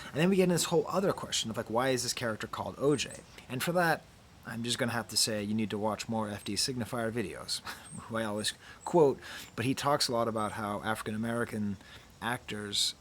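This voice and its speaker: A middle-aged man giving casual film commentary to camera outdoors, talking softly, almost in a whisper, musing with quick laughs. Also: medium pitch, slight background noise. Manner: soft, near-whispered delivery. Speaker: YouTube critic. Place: outdoors near trees.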